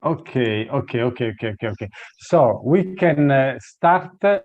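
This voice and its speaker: A man's voice: medium pitch, animated, normal speed. A man moderates an online panel, stumbling through repeated words and apologizing often. His voice sits in a middle range. The sound is dull and lo-fi, as on a video call. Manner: apologetic, hesitant, stumbling repetitions.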